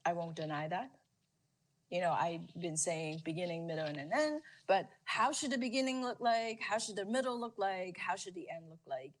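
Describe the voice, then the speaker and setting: A woman's voice: fairly low pitch, moderate pace. A woman speaking as a storytelling expert in a conversational interview, stressing her points with repeated phrases. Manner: emphatic, repeats phrases for weight.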